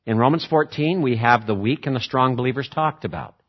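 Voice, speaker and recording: A man preaching a sermon, emphatic, repeating words for stress and switching between slow, weighty phrases and quick runs. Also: medium pitch, husky, dull audio. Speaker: pastor.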